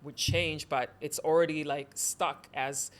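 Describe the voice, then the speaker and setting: A woman born in Ghana hosting an interview, talking in an animated, storytelling way. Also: low voice, unhurried. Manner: animated, storytelling, rising emphasis. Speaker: host. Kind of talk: casual interview chat.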